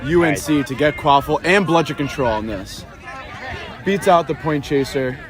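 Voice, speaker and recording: A man giving relaxed, chatty color commentary on a live game outdoors, praising the players. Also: a little high, moderate pace. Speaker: sports commentator. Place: outdoors at a sports field. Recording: loud crowd noise outdoors.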